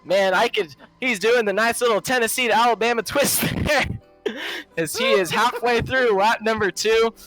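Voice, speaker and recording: A man's voice: very high-pitched, normal speed, fairly bright tone, faint music behind, pitched above the performer's own voice, low-quality recording. A man voicing an over-the-top Southern male race announcer with a folksy, exaggerated drawl. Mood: hammy.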